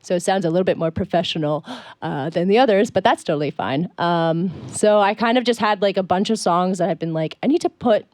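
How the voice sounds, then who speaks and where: Young woman, radio guest, chatty, loose, thinks out loud, dry studio sound. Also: lowish voice, fairly quick, few pauses, no room sound. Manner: chatty, thinks aloud with fillers. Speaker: musician guest. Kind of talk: casual radio interview chat.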